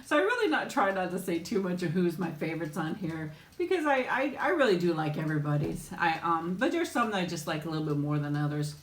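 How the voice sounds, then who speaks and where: A woman's voice: fairly low pitch, very animated, quick pace, hardly any pauses, reverberant. A woman hosting a casual mukbang live chat, greeting viewers by name with ums and little laughs. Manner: chatty, warm greetings, frequent laughs and ums. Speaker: mukbang livestream host.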